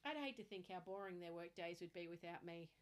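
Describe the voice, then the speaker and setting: A woman's voice: on the low side, expressive, quick pace. A woman chatting casually, telling blunt, candid stories with crude humor. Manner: frank, candid storytelling with crude humor and lots of laughter. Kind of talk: casual chat.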